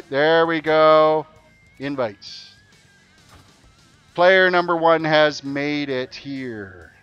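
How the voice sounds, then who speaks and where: A man's voice: medium pitch, a bit bright, clean tone, dull audio. Chatty man streaming a game. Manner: chatty, eagerly repeats instructions to players. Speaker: game streamer running a race event. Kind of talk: casual live-stream commentary.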